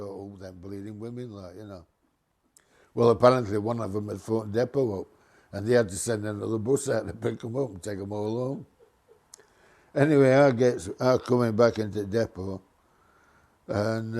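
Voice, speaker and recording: An older man tells a rambling, comic story in a casual, conversational way. He keeps slipping into raised, excited voices for the people in his tale. His pitch sits at an ordinary middle level for a man. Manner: lively, acts out voices of passengers with raised pitch. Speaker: storyteller, former bus driver. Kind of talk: casual anecdote telling.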